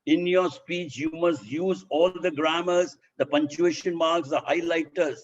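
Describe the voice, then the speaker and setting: A man's voice: a little high, steady tone, unhurried, highs cut off, slight background noise. A man with an Indian accent giving a public speaking lesson, demonstrating points by voicing example sentences. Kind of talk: instructional talk.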